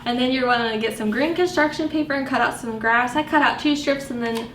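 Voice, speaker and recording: High, lively woman reading to kids. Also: brisk. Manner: animated, sing-song, asks children questions. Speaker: children's librarian. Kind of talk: storytime read-aloud for children. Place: library room. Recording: echoey room with faint background noise.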